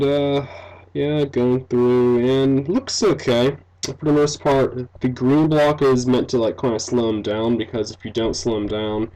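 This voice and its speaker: A young man with a medium-pitched, darkish voice rambles through casual commentary on a game he's building, and the audio quality is poor. He's a game developer and let's-play commentator who fills his talk with "um," "like," and "you know," laughing often and poking fun at himself.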